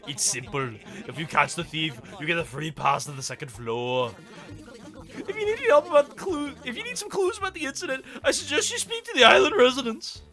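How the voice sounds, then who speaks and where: Brief: pompous game island chief, formal, shrill peaks, put on by a male streamer. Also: big pitch swings, brisk, bright, forceful tone, soft background music, exaggerated voice. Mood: formal pleading.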